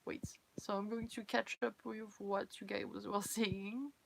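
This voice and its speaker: A woman's voice: mid-range voice, flat delivery, a little slow, vocal fry, a little hiss or hum. A tired young woman with a French accent, a native French speaker, chatting casually on a live stream. She giggles often, reads viewers' comments aloud, and runs herself down. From France. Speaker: cosplay livestreamer.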